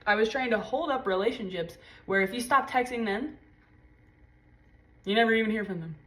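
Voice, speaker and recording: A woman giving a casual tarot reading, talking intensely and swearing freely. She drops to low murmurs and jumps to high exclaims as she gives a spiritual pep talk. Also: normal speed, fairly bright tone. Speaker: tarot reader.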